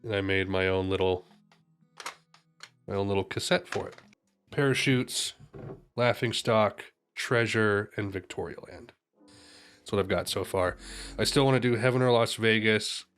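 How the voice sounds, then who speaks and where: Man, low voice, young adult, casual rambling chat, self-correcting, music playing faintly behind. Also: normal speed, long pauses, fairly bright tone, clear, resonant tone. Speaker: music reaction streamer.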